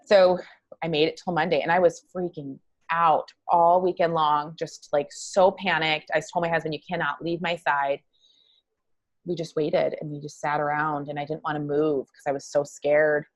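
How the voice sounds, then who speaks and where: A woman guest telling her own story in an interview, earnest and halting, with many fillers. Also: deep voice, little pitch movement. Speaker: guest psychologist.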